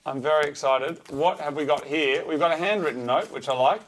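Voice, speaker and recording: A man with a slightly higher-than-average voice trades dry jokes with his co-host on a car podcast. He talks casually, stalling often on uh and um. His humor stays deadpan and understated. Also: brisk, a crowd in the background. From Australia. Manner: dry, joking, lots of uh and um fillers. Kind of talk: casual banter.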